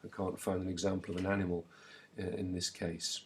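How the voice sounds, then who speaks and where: Male language teacher, lowish voice, slow and clear, leaves pauses for repetition. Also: little pitch movement, darkish tone. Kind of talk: recorded language lesson.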